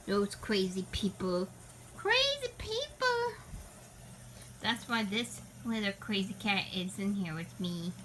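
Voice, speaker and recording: A woman's voice: mid-range voice, very animated, slow pace, slight background noise. A woman vlogging at home, talking to her cat in doting baby talk with sing-song repetitions. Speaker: pet vlogger. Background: soft rain sound playing.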